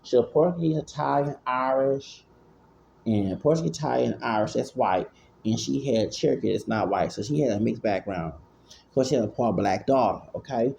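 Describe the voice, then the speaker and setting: A man's voice: medium pitch, moderate pace, gravelly, darkish tone, slight background noise. A man, talking in rambling casual commentary, often repeating and stammering. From Houston, Texas. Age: 40s. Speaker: vlogger.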